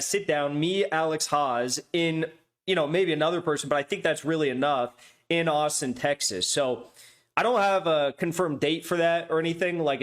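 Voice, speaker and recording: A man hosting a podcast, talking in a loose, rambling way with many asides and restarts. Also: on the high side. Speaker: podcast host. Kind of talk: casual rambling monologue.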